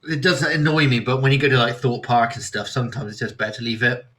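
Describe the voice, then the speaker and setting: A man's voice: medium pitch, level tone, fast, fairly bright tone. A man from Somerset with a West Country accent, hosting a casual chat and telling rambling stories. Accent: West Country English. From Somerset, England. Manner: rambling anecdotes, acts out quoted voices. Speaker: podcast host.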